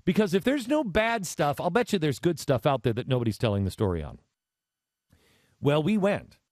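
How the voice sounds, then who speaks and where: A man's voice: fairly high pitch, moderate pace, no room sound. Male talk radio host, conversational storyteller, dry studio sound. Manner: conversational, animated, with many restarts.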